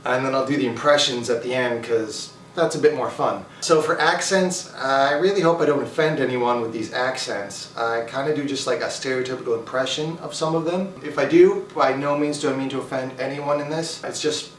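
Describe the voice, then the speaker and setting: A man's voice: mid-range voice, moderate pace. A playful, chatty man from Canada addresses his vlog audience with a self-deprecating streak. He sits away from the microphone, so his voice carries a roomy echo. A faint hiss sits under everything. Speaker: vlogger. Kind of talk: casual accent showcase. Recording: roomy, distant mic, faint noise.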